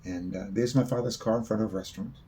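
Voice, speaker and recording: A man's voice: fairly low pitch, quick pace, mellow, a little hiss or hum. A man telling a long, rambling personal story in a casual spoken way, swearing freely.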